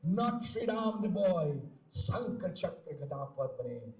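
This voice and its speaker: A man's voice: high voice, big pitch swings, measured pace, a little mellow. A man narrating a live outdoor folk theatre show in a dramatic way, calling out to the crowd. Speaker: stage narrator. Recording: echoey PA sound from far off.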